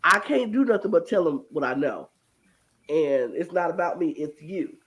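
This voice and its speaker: An animated co-host retelling a show in casual chat, slipping into lively acted-out quotes of the people involved. The voice sits at an everyday middle pitch. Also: normal speed, low-quality recording. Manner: animated storyteller who acts out quotes. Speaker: podcast co-host.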